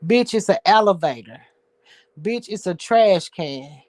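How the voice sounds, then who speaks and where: A man's voice: high-pitched, lively intonation, a little slow, no echo. A man hosting his own show, ranting casually in a blunt, sassy, heavily profane way. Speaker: show host. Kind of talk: casual livestream rant.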